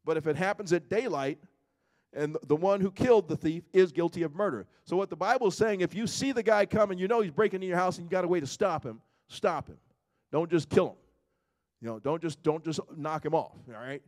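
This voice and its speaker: A man preaches a sermon in a loose, conversational style. He often repeats himself and keeps asking his listeners questions. His voice sits a little high for a man. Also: fairly quick, darkish tone. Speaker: pastor.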